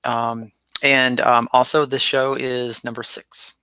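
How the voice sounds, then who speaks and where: A man's voice: mid-range voice, little pitch movement, takes it slowly, bright, forceful tone, clean tone, no room sound. A man on a casual panel show over a video call, making dry, nerdy jokes.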